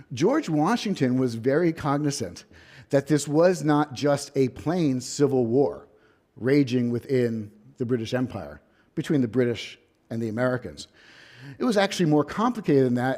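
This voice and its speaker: A man lecturing in a hall as a visiting professor, his voice mellow and warm in tone. He talks through history like a story, leaning on key words and slipping in dry, wry asides. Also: medium pitch. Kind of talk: academic lecture.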